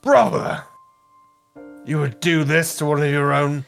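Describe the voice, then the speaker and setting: A man voicing a wounded, panicking army captain who shouts for help. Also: on the high side, unhurried, gravelly, soft background music, voice pushed up. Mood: reproachful. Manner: shouting desperately.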